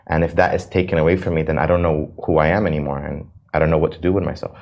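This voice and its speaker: An American man with a low, deep voice talks in an interview. He speaks earnestly and with passion, stumbling and restarting as he works through what he feels. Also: fairly even intonation, racing, vocal fry, a little mellow. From United States. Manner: earnest and impassioned, with frequent restarts. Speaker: interview guest. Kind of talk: emotional interview talk.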